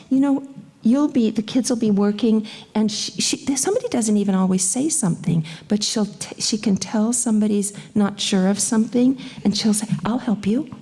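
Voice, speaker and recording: A woman teacher giving awards to young students at a graduation, speaking gently and brightening as she acts out little quotes. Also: mid-range voice, creaky, husky. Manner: gentle, warm-hearted and animated, acting out little quotes. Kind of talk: speech at a school graduation.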